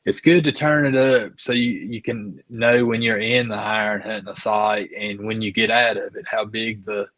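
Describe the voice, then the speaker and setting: A man's voice: fairly low pitch, fairly even intonation, normal speed, few pauses, fairly bright tone, dry recording, rough recording. A man co-hosting a casual chat, easygoing and talking with lots of "you know"s. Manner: easygoing, filler-heavy, with many "you know"s. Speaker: co-host.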